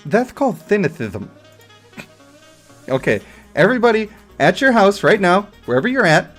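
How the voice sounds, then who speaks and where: Male streamer, casual game commentary, crude jokes and frequent laughs, slightly high voice, faint music under. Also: animated, normal speed. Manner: jokey, crude, laughs often.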